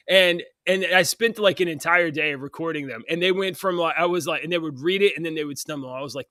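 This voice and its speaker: Bright chatty man, dry close mic. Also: fairly high pitch, fast, few pauses, no echo. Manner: chatty, laughs often, trails off and restarts. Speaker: podcast co-host. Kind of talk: casual chat.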